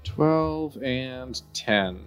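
A man playing a tabletop game, calmly describing his actions. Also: medium pitch, drawn-out words, clear, resonant tone, soft background music. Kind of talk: casual game chat. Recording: dull lo-fi mic.

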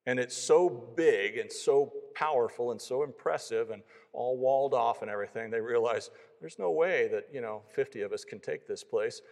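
A man's voice: medium pitch, moderate pace, hardly any pauses, a little mellow. Male preacher, mid-range voice, storytelling sermon with pleading appeals, long reverb.

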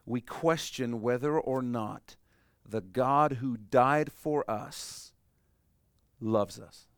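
Emphatic preacher with a smooth voice. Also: male voice, medium pitch, extremely slow, no room sound, studio quality. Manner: emphatic, explanatory, swings between loud and hushed. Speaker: pastor. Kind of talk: sermon.

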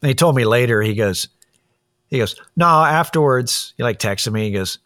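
A man's voice: mid-range voice, expressive, moderate pace, a bit bright. A man talking in a casual monologue, blunt, opinionated and profane as he tells a story and gives his views.

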